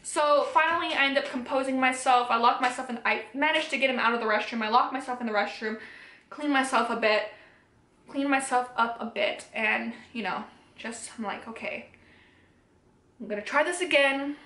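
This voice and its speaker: A young woman speaks straight to camera, candidly recounting a personal story and acting out the lines of the people in it. Her voice sits fairly high. The room around her rings with a noticeable echo. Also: a little fast. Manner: candid, animated retelling with quoted dialogue. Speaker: vlogger. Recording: echoey room.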